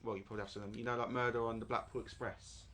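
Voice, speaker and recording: A young man co-hosting a podcast, excitable and gushing, with lots of fillers. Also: medium pitch, very fast. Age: young adult. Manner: excitable, gushing fan talk with many fillers. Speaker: podcast co-host. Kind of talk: casual podcast chat.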